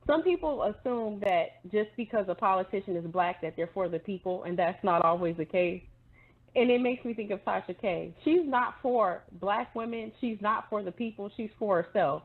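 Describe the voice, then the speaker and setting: A woman's voice: mid-range voice, animated, moderate pace. A woman in a casual commentary chat, speaking earnestly and conversationally as a guest. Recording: tinny phone-like line.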